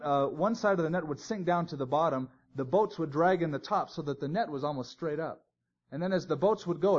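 A man's voice: on the high side, darkish tone, slightly rough. A man teaching a Bible sermon in a conversational way, with joking asides. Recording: dull lo-fi recording.

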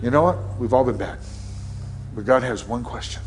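Earnest and medium-pitched, a middle-aged male pastor leads prayer and an altar call within his sermon, quickly voicing figures as he acts out Bible scenes. There's a little hiss or hum on the recording.

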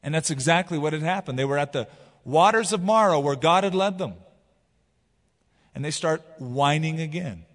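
A man preaching a sermon as pastor, retelling scripture in a casual, animated way. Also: on the high side, normal speed, big-room sound. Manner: casual, animated storytelling with paraphrase.

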